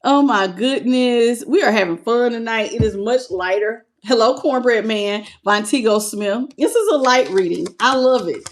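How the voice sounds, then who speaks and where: High-voiced woman giving a playful tarot reading. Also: normal speed, hardly any pauses. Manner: playful, laughs often and sings snippets; greets live chat viewers by name. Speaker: tarot reader.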